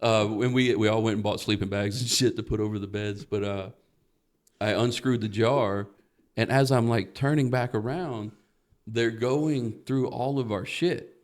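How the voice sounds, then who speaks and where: A man's voice: on the low side, normal speed. A man, a guest comedian, telling a long story on a comedy podcast, swearing freely and acting out the other people in it. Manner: profane, animated storyteller who acts out quotes.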